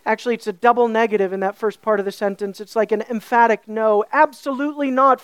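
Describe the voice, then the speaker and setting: A woman with a high voice preaches a sermon, pressing her points with rhetorical questions and repeated phrases. The sound is dry and close, with no room around her. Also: fairly even intonation, fast talker, few pauses, smooth, no echo. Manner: emphatic, rhetorical questions, building repetition.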